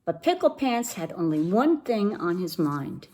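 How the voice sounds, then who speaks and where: A woman reading a picture book aloud to children in an expressive, animated way. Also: on the low side, unhurried, hardly any pauses. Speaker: storybook reader for children.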